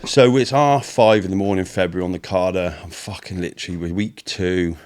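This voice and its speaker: A low-pitched man from Britain talks casually as a podcast guest. He tells long stories, swears freely and slips into the voices of the people in them. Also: a little fast, darkish tone. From United Kingdom. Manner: swears often, storytelling, acts out quotes. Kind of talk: casual chat.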